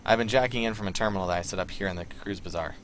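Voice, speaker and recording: A man voicing a nervous, indebted male hacker with a put-on Southern accent, talking in halting, filler-heavy bursts. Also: fairly low pitch, slight background noise, lightly acted. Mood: scheming.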